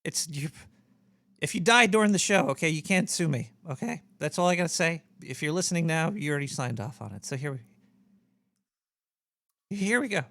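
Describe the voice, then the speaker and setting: A man playing a paranoid male cartoon rat who hosts a comedy radio show, rambling and jokey with halting restarts. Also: on the high side, expressive, a bit bright, no echo. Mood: playful. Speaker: host.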